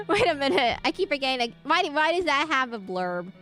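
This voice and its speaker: A woman's voice: high-pitched, very animated, moderate pace, pushed and bright, soft background music. A woman streaming a horror game, chatting casually, laughing often and reading the game's lines aloud to chat. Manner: giggly, chatty, reads game dialogue aloud. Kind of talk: casual let's play commentary.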